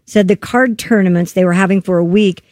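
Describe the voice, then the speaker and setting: A woman's voice: mid-range voice, a little fast, darkish tone, no echo, clean studio sound. A woman host reading odd news stories aloud on a talk show, cutting in with jokes and laughs. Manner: reads stories aloud, breaks off to joke and laugh. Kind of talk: reading offbeat news with banter.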